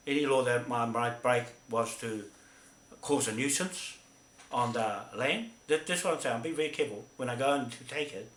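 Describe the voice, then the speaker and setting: A man talks in a rambling, emphatic monologue, circling back to the same points again and again. His voice is bright and forceful, and it rings around a roomy, echoing space. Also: mid-range voice. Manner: emphatic, repetitive, with frequent "right?" tags. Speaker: activist speaking to camera.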